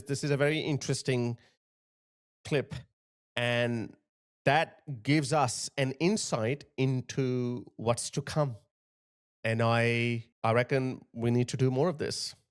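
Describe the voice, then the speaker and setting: A man's voice: medium pitch, steady tone, slow pace. A man hosting a commentary channel, talking emphatically and indignantly over video clips.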